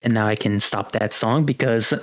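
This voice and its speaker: A man's voice: on the low side, moderate pace, soft background music, poor audio. A young man narrating as game master of a tabletop game, rambling with many fillers.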